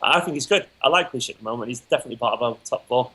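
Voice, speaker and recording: Fast-talking, opinionated man. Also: medium pitch, sharp tone, breathy edge, low-quality recording. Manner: quick, enthusiastic, opinionated. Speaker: guest. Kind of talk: casual football chat.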